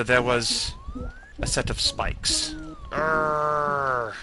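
A man's voice: medium pitch, expressive, measured pace, vocal fry. A man in his twenties giving casual, rambling gameplay commentary, grumbling at the game and joking at his own expense. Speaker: let's play host. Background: faint game music.

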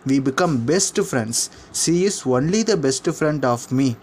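A man's voice: mid-range voice, animated, unhurried, darkish tone, slight background noise, lightly acted. A man as an earnest, once-shy boy. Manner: plain, earnest storytelling voice. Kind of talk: storybook drama.

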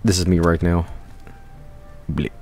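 A man streaming a video game, rambling and swearing in casual commentary with sudden high-pitched outbursts. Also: flat delivery, a little slow, gravelly, a little mellow, faint music behind.

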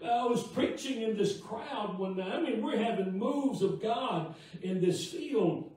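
A man's voice: high-pitched, lively intonation, a little slow, a little mellow. A man preaching a revival sermon, telling his testimony in a folksy way with frequent fillers, recorded in a church sanctuary. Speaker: guest preacher. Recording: echoey church room, distant mic.

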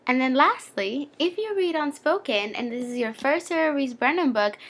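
Young woman, book vlogger, chatty fangirl, slightly high voice, gravelly fry. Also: expressive, normal speed, a bit bright. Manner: gushing, chatty fangirl with playful asides. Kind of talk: casual book recommendation vlog.

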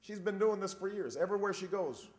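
Guy in his 40s doing a campaign speech, storytelling then shouting it up, big hall reverb. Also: high-pitched, fast. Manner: wry storytelling that builds to a shouted rallying finish. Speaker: presidential candidate. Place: large convention hall.

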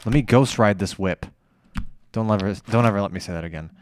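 A man giving let's play commentary, excitable, swearing and scolding himself out loud as he plays. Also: on the low side, a little fast, slight background noise. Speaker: gamer playing a video game.

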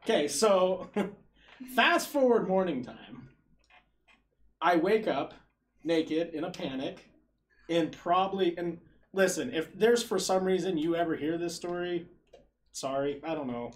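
Man telling a rambling story, slightly high voice. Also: expressive, measured pace, long pauses. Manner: rambling, self-deprecating, laughs through his story. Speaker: podcast co-host. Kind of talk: casual storytelling among friends.

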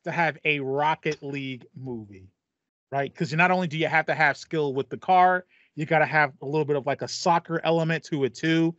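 A man's voice: fairly high pitch, a little fast, a bit bright, dry recording, muffled recording. A man co-hosting a gaming podcast, talking casually and rambling through his ideas with restarts and fillers. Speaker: podcast co-host. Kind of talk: casual chat.

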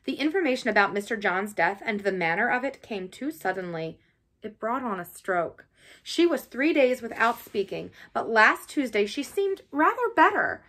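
A woman's voice: a little high, big pitch swings, normal speed, a bit bright. A woman reading a plain-spoken male servant. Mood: grave. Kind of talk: audiobook reading.

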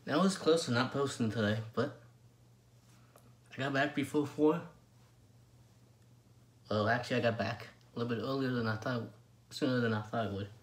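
A man's voice: medium pitch, normal speed, long pauses. A man vlogger talking casually and loosely to his viewers before a cover. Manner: laid-back, loose and chatty.

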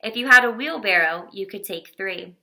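A woman narrating a children's novel in a steady, expressive reading voice. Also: mid-range voice, moderate pace. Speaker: audiobook reader.

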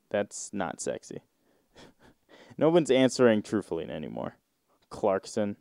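A man hosting a casual solo podcast, reading search results aloud and riffing on them in a rambling, drawn-out way with sudden mocking outbursts. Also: lowish voice, big pitch swings, gravelly, dark tone, dry recording, clean studio sound. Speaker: podcast host.

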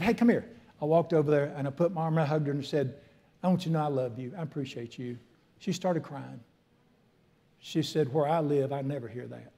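An older man preaching a sermon as pastor, joking with the congregation and turning soft and earnest in prayer. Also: on the high side.

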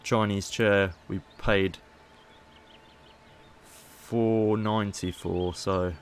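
A man's voice: lowish voice, fairly even intonation, extremely slow. A man casually commentating gameplay as a YouTuber, chatty and playful. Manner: chatty, playful, haggling asides. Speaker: gaming YouTuber.

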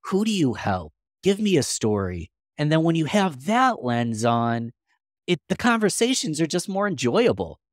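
A man's voice: on the high side, big pitch swings, moderate pace, no echo, clean studio sound. A man guest on a podcast interview, answering in an earnest, practical way and thinking aloud.

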